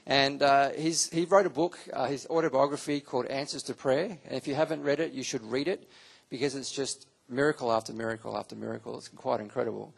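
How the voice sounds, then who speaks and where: A man with a gravelly, slightly husky voice teaches a Bible class to a live audience. He delivers it as an animated sermon and acts out quotes with sudden jumps in pitch. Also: a little fast.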